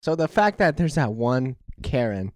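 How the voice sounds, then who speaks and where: A man's voice: medium pitch, sing-song, moderate pace, no room sound, clean studio sound. A young man co-hosting a podcast, chatting in a laid-back, joking way. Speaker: podcast co-host. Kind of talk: casual chat.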